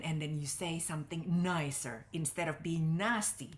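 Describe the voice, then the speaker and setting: A middle-aged woman relationship coach giving earnest, expressive advice as an interview guest, her pitch swinging up for emphasis. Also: normal speed, hardly any pauses.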